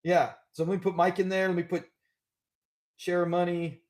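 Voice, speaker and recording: Upbeat male live-stream host, high voice, loose and chatty. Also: flat delivery, moderate pace. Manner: chatty, upbeat, laughs often. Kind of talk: casual live-stream chat.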